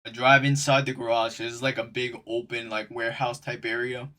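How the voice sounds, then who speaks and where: Young male streamer, bright voice, loose slangy storyteller who talks right to the viewers. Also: mid-range voice, flat delivery, moderate pace. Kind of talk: casual storytime.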